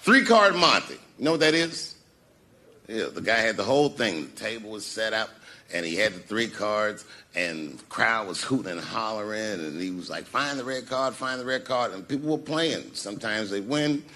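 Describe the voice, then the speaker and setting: A man telling a profane stand-up story, swinging between loud outbursts and hushed mumbles. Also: lowish voice, very animated, normal speed. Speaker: stand-up comedian.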